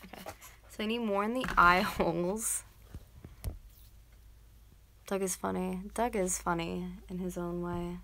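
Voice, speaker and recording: Speaking with a fairly low, creaky voice and fairly even intonation, a North American woman in her twenties chats unhurriedly on a late-night livestream at home while doing art. She pauses often, rambles with many fillers, and occasionally yells to wake someone, with slight background noise.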